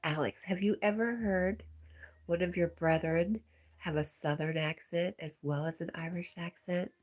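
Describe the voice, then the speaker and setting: A woman hosting a livestream, reading out viewer comments in a casual, soft, often half-whispered way, with a stuffy nose. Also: lowish voice, fairly even intonation, normal speed. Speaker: livestream host.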